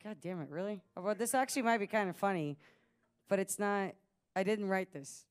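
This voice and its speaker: A woman's voice: mid-range voice, a little fast, smooth. A woman in her late twenties chatting casually from the stage of a small music venue, telling a rambling story with plenty of laughs. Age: late 20s. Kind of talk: casual stage banter at a live show.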